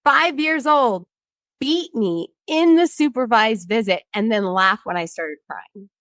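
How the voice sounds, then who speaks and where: A woman's voice: fairly high pitch, animated, a little slow, a bit bright, no echo. A woman in her thirties, a guest in an interview, telling a personal story bluntly and with frequent swearing, acting out what other people said.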